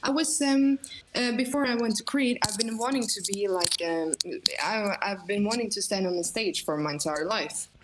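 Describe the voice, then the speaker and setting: A woman whose first language is Norwegian, chatting casually as a podcast guest, giggly and animated. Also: mid-range voice, normal speed, a loud crowd, rough recording.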